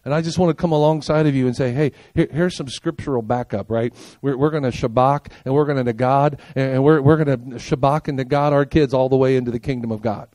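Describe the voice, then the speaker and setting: A man's voice: fairly even intonation, quick pace, hardly any pauses, no room sound. Emphatic older male pastor preaching. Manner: emphatic, rhetorical questions and call-and-response checks; swings between loud punchy peaks and quiet low stretches. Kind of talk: sermon.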